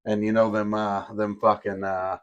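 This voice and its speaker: A man's voice: lowish voice, flat delivery, moderate pace, smooth, dull audio. A young man co-hosting a podcast in casual chat, laid-back, laughing often and swearing casually. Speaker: podcast co-host.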